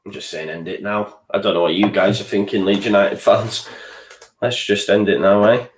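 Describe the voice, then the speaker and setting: Frustrated low-voiced football fan streamer. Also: male voice, fairly even intonation, moderate pace, echoey room. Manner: frustrated, swears, reads out viewer chat. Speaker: fan channel host. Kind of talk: live match watchalong commentary.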